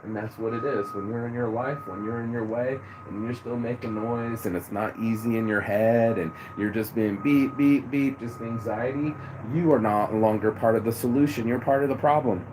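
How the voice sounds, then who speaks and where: A man's voice: medium pitch, fairly even intonation, moderate pace, few pauses. A man giving a casual, profane motivational rant outdoors by a busy road, preachy and calling the listener bro. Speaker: motivational vlogger. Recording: loud traffic noise behind.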